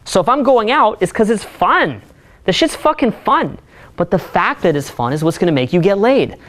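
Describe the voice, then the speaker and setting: A man's voice: sits high, sing-song, moderate pace, fairly bright tone. A man giving a seminar talk as a dating coach, blunt and profane.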